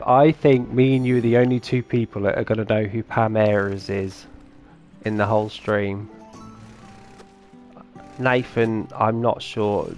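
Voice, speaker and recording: A man streaming a farming game, chatting casually and answering his viewers' comments as he plays. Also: on the low side. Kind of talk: casual live-stream chat.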